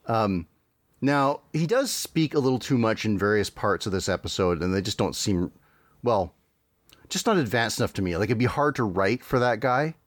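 A man's voice: on the low side, expressive, moderate pace, no room sound. A man hosting a podcast, chatting casually with many fillers and restarts. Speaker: podcast host.

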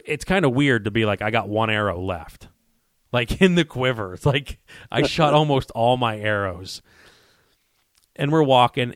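A man's voice: fairly low pitch, dry recording, clean studio sound. A man telling a story in casual conversation, acting out quoted dialogue with frequent restarts and repeated words. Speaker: guest telling a hunting story.

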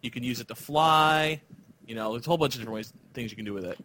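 A man's voice: mid-range voice, very fast, bright, forceful tone, a little hiss or hum. A man hosting a casual podcast chat, talking with enthusiasm and rambling through restarts. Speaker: podcast host.

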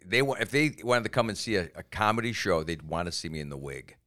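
A man co-hosting a casual podcast, telling animated stories and jumping into quoted voices. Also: low voice, fast. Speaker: podcast co-host and comedian.

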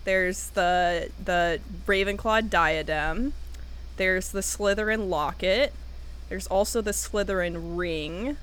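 A young American woman in casual chat, talking quickly and laughing at herself as she answers trivia. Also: medium pitch, fairly bright tone, smooth. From United States. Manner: chatty and self-deprecating, quick to laugh.

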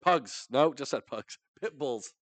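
A man's voice: medium pitch, lively intonation, takes it slowly, dry recording. A man co-hosting a podcast in casual chat, stammering a little while he thinks. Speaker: podcast co-host.

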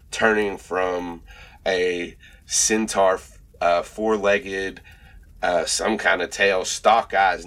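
Low, bright-toned man narrating a horror game. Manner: halting, many fillers, describes slowly. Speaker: game master.

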